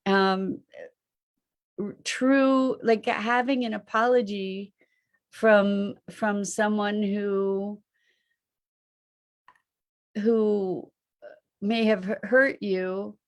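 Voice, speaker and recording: A woman's voice: mid-range voice, fairly even intonation, extremely slow, pauses often. A woman hosting a reflective live online talk, musing aloud and posing rhetorical questions. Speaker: host and teacher.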